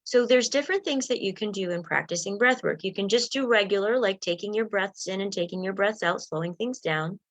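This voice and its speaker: A woman coaching listeners through self-help steps and breathing exercises in a gentle, encouraging way. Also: mid-range voice, brisk, hardly any pauses, dry recording. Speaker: wellness coach. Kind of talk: guided self-help talk.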